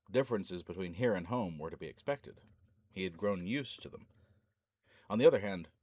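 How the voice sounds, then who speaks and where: A man reading a fantasy novel aloud as an audiobook narrator, keeping a steady pace and barely changing his voice for the characters. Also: sits low, dry recording.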